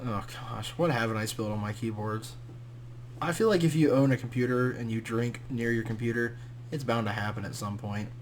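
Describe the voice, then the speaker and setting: Un jeune homme détendu, co-animateur de podcast, qui bavarde tranquillement et approuve souvent son ami, sur un léger fond de bruit et de bourdonnement. Sa voix reste d'une hauteur moyenne. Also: male voice, mid-range voice, a little fast, slight background noise. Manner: relaxed, agreeable, chimes in briefly. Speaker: co-host. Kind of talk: casual chat.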